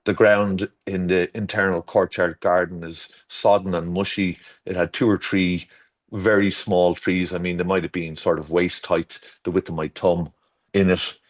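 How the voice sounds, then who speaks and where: A man's voice: deep voice, level tone, normal speed. A man from Ireland, a garden designer guest in a casual interview chat, rambling and correcting himself as he tells stories. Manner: rambling and self-correcting, with storytelling asides.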